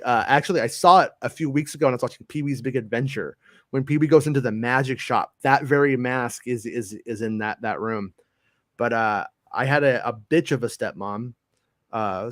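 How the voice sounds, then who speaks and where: A man's voice: medium pitch, fairly quick, fairly bright tone, dry recording, clean studio sound. A middle-aged man in casual chat, telling rambling childhood stories with lots of swearing and restarts. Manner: rambling storyteller, swears freely, many restarts.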